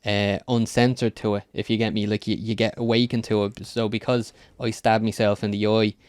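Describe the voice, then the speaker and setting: A man's voice: lowish voice, flat delivery, brisk, darkish tone, smooth, dry recording, clean studio sound. A man talking on a podcast, earnest and rambling, with many ums as he feels his way through a point. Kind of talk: casual podcast chat.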